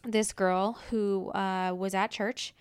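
A woman's voice: medium pitch, fairly even intonation, slow pace, clean tone, dry recording. A woman hosting a podcast, earnestly leading topics with playful banter. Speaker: podcast host. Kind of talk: casual chat.

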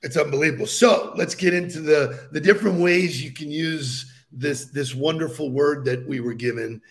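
A man's voice: a little high, normal speed. A man co-hosting a podcast, enthusiastic and leading the topics in casual chat, chuckling between points. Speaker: podcast co-host.

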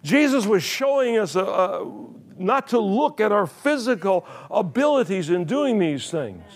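A man's voice: sits high, very animated, a little slow. Older male pastor, chuckling storyteller. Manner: storytelling, chuckling, repeating words. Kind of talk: sermon. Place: church.

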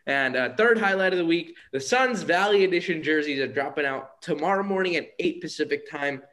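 A man's voice: a little high, animated, brisk, fairly bright tone. A man co-hosting a sports podcast in casual chat, eager and earnest about his teams. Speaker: podcast co-host.

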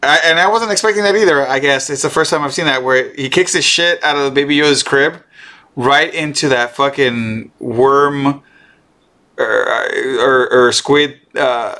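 A man chatting casually and excitedly about a show episode, swearing and restarting often. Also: mid-range voice, unhurried. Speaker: streamer co-host. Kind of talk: casual show recap chat.

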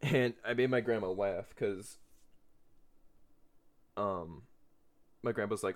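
Podcast host, man in his twenties, low voice, loose and profane monologue with frequent laughs. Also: takes it slowly, pauses often. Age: 20s. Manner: rambling, profane, laughs often.

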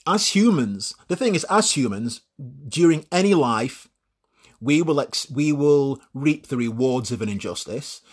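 In a solo monologue full of opinions, a man speaks in a husky, slightly breathy, mid-range voice with lively intonation and a somewhat slow pace. He's blunt and swears freely, often restarting and repeating words as he works through a point.

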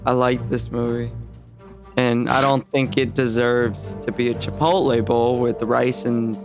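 A man's voice: mid-range voice, flat delivery, a little slow, over music. Laid-back male co-host, short remarks. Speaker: podcast co-host. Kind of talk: casual movie review chat.

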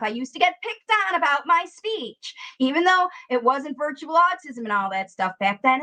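Bright, high-voiced woman coaching parents. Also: low-quality recording. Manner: earnest and encouraging, often addresses viewers as ladies and gentlemen. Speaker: speech therapist and parent coach. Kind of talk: direct-to-camera coaching talk.

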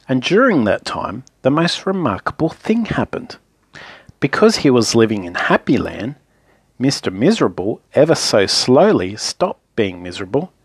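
A man reading a children's story aloud in a playful, lively, repetitive way. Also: medium pitch, breathy edge, no room sound.

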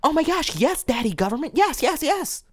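Guy doing a shrill, gullible yes-man caricature, breathless and fawning. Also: big pitch swings, normal speed. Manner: breathless, fawning repeated yeses. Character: simpering gullible yes-man mocking government followers.

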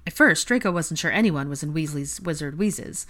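Rich: A woman with a low voice reads a fan fiction audiobook aloud. Her narration is steady and even-paced, in plain storytelling fashion. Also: normal speed.

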